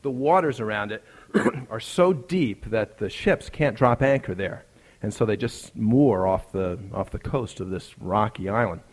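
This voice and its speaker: A man's voice: lowish voice, unhurried. A male preacher telling a personal story in a conversational sermon, building up to emphatic, rising lines.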